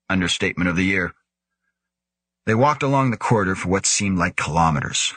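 A man narrating a science-fiction audiobook in a measured, steady way. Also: sits low, slightly rough, no echo. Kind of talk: scripted narration.

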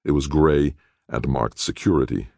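A man reading a thriller aloud as an audiobook narrator, measured and even. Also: extremely low pitch, gravelly, no echo, clean studio sound. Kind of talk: scripted narration.

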